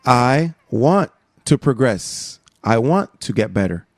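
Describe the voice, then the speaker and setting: A man preaching a sermon, emphatic, swinging from soft asides to raised exhortations. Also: medium pitch, expressive, slow, dry recording, studio quality.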